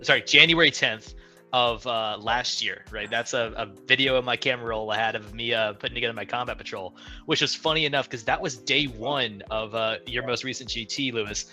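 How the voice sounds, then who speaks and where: A man in a casual podcast chat, telling stories in an animated, boastful way. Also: mid-range voice, a little fast, faint music behind.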